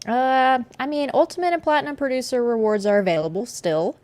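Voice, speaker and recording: A woman's voice: high voice, brisk, a little mellow, no room sound. A woman co-hosting a gaming podcast, chatting in a wry, conversational way and often laughing. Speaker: podcast co-host. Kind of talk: casual podcast chat.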